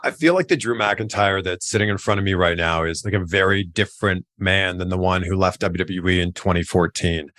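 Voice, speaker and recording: A man's voice: deep voice, a little fast, few pauses, a bit bright. A man hosting a podcast, asking casual conversational questions. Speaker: podcast host. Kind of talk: interview questions.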